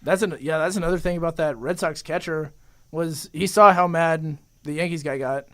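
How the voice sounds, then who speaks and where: A young man co-hosting a casual sports podcast, his voice smooth and clear and sitting a little high. He rambles through his points, padding them with easygoing filler. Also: normal speed, fairly bright tone. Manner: rambling with many you-knows. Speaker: podcast co-host.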